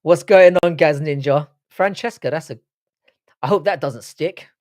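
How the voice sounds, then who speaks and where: A man's voice: fairly high pitch, measured pace, darkish tone. A man with a London accent hosting a live stream, chatting casually, reading the chat aloud and trading crude banter. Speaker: livestream host.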